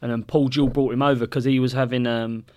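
A man's voice: mid-range voice, flat delivery, fast talker, clear, resonant tone, dull audio. A man co-hosting a podcast, telling stories in casual chat, swearing often and laughing as he goes. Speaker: podcast co-host.

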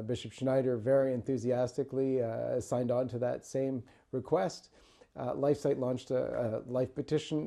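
A man's voice: medium pitch, vocal fry, warm tone. A man hosting a podcast interview, who jumps in eagerly to check what he heard. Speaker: podcast host. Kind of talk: conversational interview.

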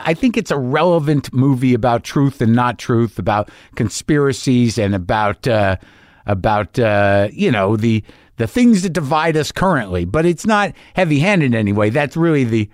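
A middle-aged man hosting his podcast, rambling through a casual monologue with halting restarts and sudden profane bursts of enthusiasm. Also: medium pitch, no echo, studio quality. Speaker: podcast host.

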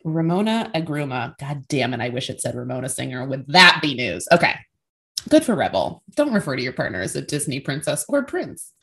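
Woman, low voice, casual podcast chat, sarcastic asides. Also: brisk. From Greek-American family. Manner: chatty, sarcastic, animated asides. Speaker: podcast co-host.

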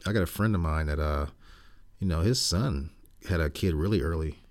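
A man with a low, deep voice co-hosts a relaxed podcast conversation. He talks in halting stretches full of fillers and restarts, and slips into teasing, jokey banter. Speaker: podcast co-host. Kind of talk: casual chat.

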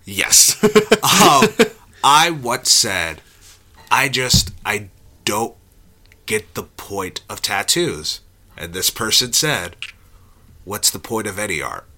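A podcast co-host talking movies in a loose, casual way. His voice is very bright and swings widely in pitch, jumping up when he jokes. He laughs easily. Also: takes it slowly, long pauses. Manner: animated, laughs often, jumps pitch when joking. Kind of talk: casual film chat.

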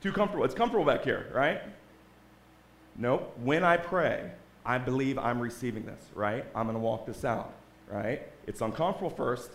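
A guest speaker gives an earnest testimony to a congregation in a church sanctuary, his medium-pitched voice animated at a normal speed. The sound is reverberant with slight background noise, and he keeps checking in with "right?".

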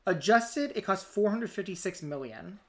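A podcast co-host chatting casually, with a joking tone and quick asides. The voice sits at a middling pitch, and the delivery is relaxed and talkative. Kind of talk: casual chat.

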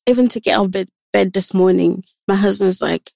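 A woman's voice: mid-range voice, fairly quick, vocal fry, a little mellow, no echo. A young woman guest on a podcast, talking candidly and earnestly about her daily life and quoting others in short exchanges. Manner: frank, earnest, quotes others in dialogue. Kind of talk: candid personal talk.

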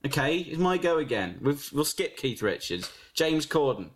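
A high-pitched man chatting in a comedy podcast, his voice leaping around constantly. He is loud and silly, swearing and laughing as he tries out celebrity impressions. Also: very animated, moderate pace. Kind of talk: casual comedy chat, trading celebrity impressions.

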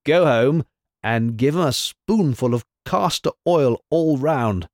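A man's voice: mid-range voice, expressive, dry recording, studio quality, pitched above the performer's own voice. A man voicing a cranky old wise woman in a storybook reading, piping and snappish. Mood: cryptic. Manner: piping, snappish, slow and deliberate.

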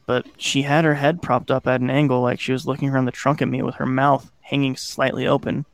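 A man's voice: medium pitch, little pitch movement, a little fast, gravelly, dry recording. A man hosting a podcast, casually narrating a scary childhood story and swearing now and then. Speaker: podcast host.

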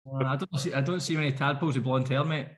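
A Scottish man co-hosting a podcast, teasing his co-host in quick banter. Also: mid-range voice, fairly even intonation. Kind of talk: casual podcast chat.

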